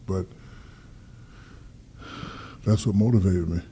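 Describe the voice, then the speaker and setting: Deep-voiced man telling animated stories. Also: takes it slowly, breathy edge. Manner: animated storyteller, acts out dialogue, swears freely. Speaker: guest athlete. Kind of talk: casual storytelling interview.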